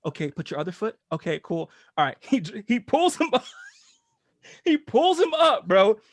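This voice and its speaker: A man co-hosting a podcast, telling a story in a casual, profane and animated way and laughing often. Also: high-pitched, moderate pace, dry recording. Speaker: podcast co-host.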